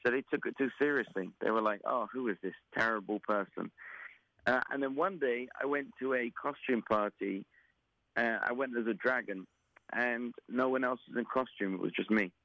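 Deadpan man with a Southeast London accent. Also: medium pitch, moderate pace, no echo, dull audio. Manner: dry, deadpan humor. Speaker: guest performer. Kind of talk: casual interview chat.

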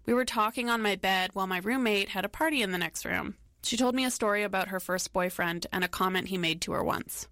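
A woman hosting a documentary, giving scripted narration in a measured, reflective way. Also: mid-range voice, fairly bright tone, dry recording, studio quality. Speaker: documentary host.

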